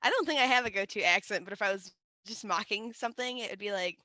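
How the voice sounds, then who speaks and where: Giggly woman with a bright, dry voice. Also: mid-range voice, fast talker, no echo. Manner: giggly, playful. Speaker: podcast co-host. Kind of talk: casual joking chat.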